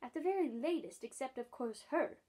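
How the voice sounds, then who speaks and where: Woman putting on a brash, jeering male starling from a storybook. The bird talks in a loud, pushy way and sits a bit higher than plain speech. He has the rough, cocky manner of a bird who thinks he knows better. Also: lively intonation, fairly quick. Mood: confiding.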